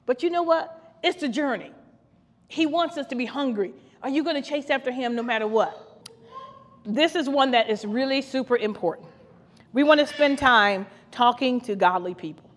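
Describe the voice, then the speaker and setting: In a long, reverberant hall, a woman co-pastor from Ohio preaches passionately for a podcast at a moderate pace. Her voice is high, and she repeats phrases and laughs occasionally.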